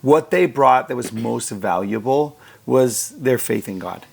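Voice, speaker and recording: A man's voice: mid-range voice, expressive, unhurried, creaky, darkish tone, slightly rough. A man co-hosting a casual scripture discussion, speaking earnestly and repeating points for emphasis. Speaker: co-host of scripture study show.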